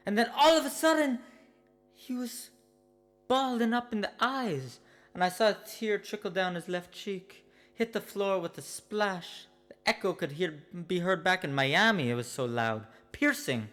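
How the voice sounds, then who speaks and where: A man in a comic monologue, telling his story deadpan and mock-earnest. The sound is roomy, with a long echo and faint music in the background. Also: high-pitched, a little slow. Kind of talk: comedic personal monologue.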